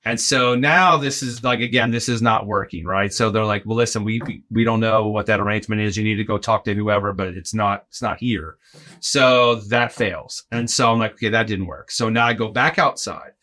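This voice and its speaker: As a podcast guest, a middle-aged arena in-game host tells the host a casual story in a bright, forceful, lowish voice at normal speed. He animatedly performs the voices of the people involved, saying "like" a lot and checking in with "right?" along the way.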